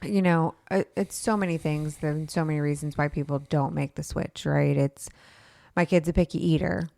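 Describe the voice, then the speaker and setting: A woman's voice: low-pitched, fairly even intonation, normal speed, creaky, darkish tone, dry recording. A woman co-hosting a podcast, chatting casually with lots of ums and likes. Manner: chatty, many fillers like um and like. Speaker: podcast co-host. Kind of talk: casual chat.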